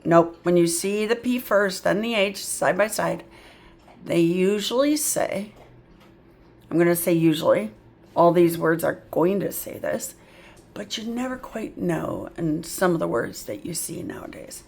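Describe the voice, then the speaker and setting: A woman's voice: on the low side, lively intonation, unhurried, creaky, darkish tone. A woman tutoring phonics, patiently sounding out letters and words, with chatty asides of "yep" and "mm-hmm". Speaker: reading tutor. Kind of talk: phonics lesson.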